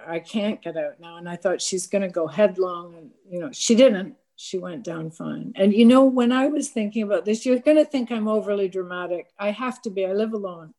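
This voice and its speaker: Woman, mid-pitch, storytelling to a crowd, self-deprecating, acts out the lines, trips over restarts. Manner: candid, self-mocking storytelling with lively quoted dialogue; frequent stammered restarts. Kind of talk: personal anecdote told to a gathered audience.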